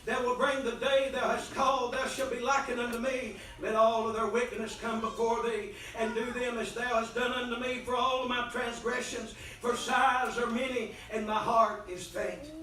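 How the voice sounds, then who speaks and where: A man preaching an impassioned revival sermon in a church, swinging between soft pleading and loud shouting. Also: very high voice, steady tone, normal speed, few pauses. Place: church sanctuary. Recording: very echoey church from far off mic.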